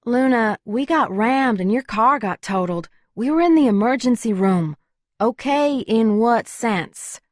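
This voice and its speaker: A woman voicing an earnest, tactful young heroine in an audiobook, speaking a little brighter than her narration. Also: fairly high pitch, lively intonation, unhurried, no room sound, clean studio sound, voice pushed up.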